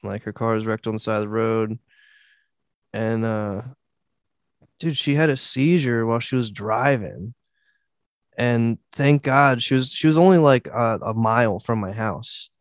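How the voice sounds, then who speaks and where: A man's voice: mid-range voice, a little slow, no echo, clean studio sound. Casual man telling a story on a podcast. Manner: casual, many fillers and restarts, quotes voices. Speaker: podcast host.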